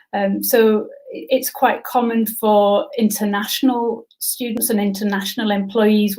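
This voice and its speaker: On a rough recording, a middle-aged career consultant and coach speaks as an interview guest, her mid-range voice dark in tone. She's thoughtful in this conversational expert exchange, frequently restarting sentences and using fillers.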